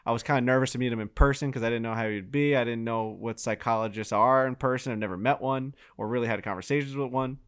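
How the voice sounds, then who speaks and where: An excitable young man co-hosting a podcast, swearing freely as he tells stories. He speaks in a middle pitch, loose and chatty. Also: fast, hardly any pauses, clean tone. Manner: excitable, profane storytelling. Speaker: podcast co-host. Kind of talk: casual podcast chat.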